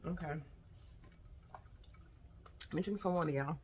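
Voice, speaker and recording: Speaking a little slowly with frequent pauses, a woman with a mid-range voice does a casual haul vlog, trying snacks and occasionally talking with her mouth full. She's chatty and expressive, says "y'all" often, and there's slight background noise.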